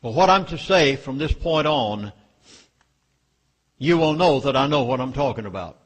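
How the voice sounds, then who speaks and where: A man's voice: mid-range voice, lively intonation, normal speed, husky. A man with a Southern US accent giving an emphatic speech to a live audience, with dramatic warnings. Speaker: public speaker.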